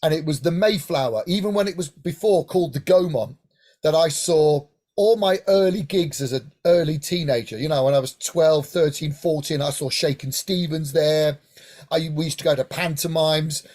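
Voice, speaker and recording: A middle-aged man from Hampshire, England, telling lively stories in an interview and often checking in with "right?". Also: on the high side, moderate pace. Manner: animated anecdotal, frequent "right?" asides. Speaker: guest singer-songwriter. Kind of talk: casual interview storytelling.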